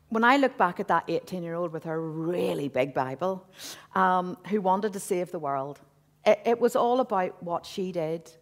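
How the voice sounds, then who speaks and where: Earnest woman in her fifties giving testimony. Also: fairly low pitch. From Northern Ireland. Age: 50s. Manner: earnest, conversational, with frequent asides and restarts. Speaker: church speaker. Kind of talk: personal testimony talk to a congregation. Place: church hall.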